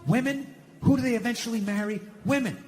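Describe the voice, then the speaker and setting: A man doing profane, exasperated stand-up comedy, ranting and acting out shouted confrontations. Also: extremely high pitch, a little fast. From United States.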